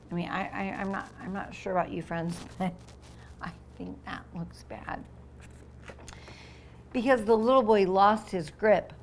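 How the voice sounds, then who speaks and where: A woman teacher reading a picture book aloud to young children, pausing to explain words and voicing the sound effects with lively expression. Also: mid-range voice, a little hiss or hum.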